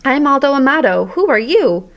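A woman's voice: sing-song, normal speed. Woman reader as cheerful joking janitor man, a bit raised, storybook. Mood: friendly. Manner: friendly, joking, booming. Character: jolly middle-aged male night janitor, joking.

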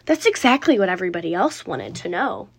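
A woman reading a children's book aloud as storyteller, in an expressive, dramatic way. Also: on the low side, brisk, vocal fry, breathy edge.

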